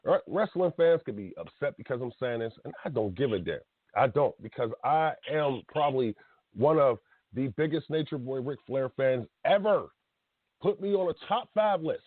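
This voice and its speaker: A man's voice: mid-range voice, animated, normal speed, no echo. Blunt, heated man in his thirties. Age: 30s. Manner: blunt, heated ranting with laughs and slang. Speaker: podcast host. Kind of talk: casual radio talk. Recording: tinny phone-like sound.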